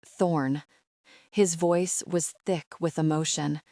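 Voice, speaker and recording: A woman narrating an audiobook in a slow, sorrowful, measured reading. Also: deep voice, steady tone, mellow, dry recording.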